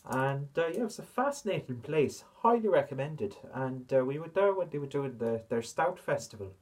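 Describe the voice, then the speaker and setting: A man hosts a casual beer review in a put-on Irish accent, rambling and poking fun at himself. His voice is husky and slightly raised, with a mellow, soft tone, and his pitch rises and falls a lot. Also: animated, normal speed. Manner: chatty, rambling, self-mocking.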